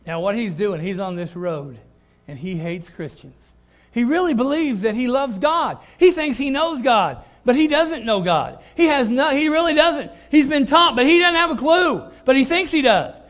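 A middle-aged man preaching a sermon as pastor, animated and repeating phrases for emphasis. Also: very high voice, moderate pace.

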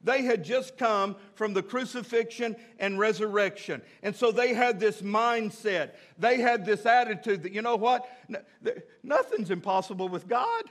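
The preacher, a pastor whose animated voice is high for a man and a bit bright, gives an emphatic sermon. Repeating and stressing his key phrases, he moves from drawn-out lines into fast bursts.

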